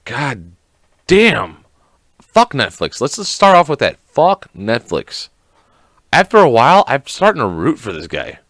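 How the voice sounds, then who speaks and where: A man's voice: medium pitch, huge pitch swings, a little slow, fairly bright tone, dry recording. A man hosting a casual solo podcast, rambling and swearing a lot and acting out scenes in quoted voices. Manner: rambling, profane, lots of fillers. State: sick. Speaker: podcast host.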